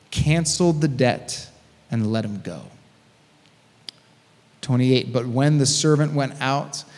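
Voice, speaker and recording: A man preaching a sermon as a pastor, reading scripture and breaking in with casual, conversational asides. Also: mid-range voice. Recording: long hall reverb.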